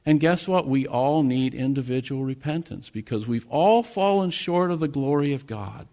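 A man's voice: mid-range voice, unhurried, darkish tone. A man from the United States preaching a sermon, earnest, with rising and falling emphasis. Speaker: pastor.

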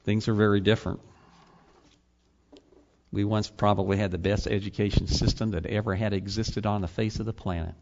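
A man's voice: on the low side, little pitch movement, a little fast, vocal fry, long pauses, a little mellow. Man preaching with rhetorical questions. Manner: rhetorical questions, rising to emphatic peaks. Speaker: pastor and college teacher. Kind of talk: sermon. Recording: slightly dull lo-fi sound.

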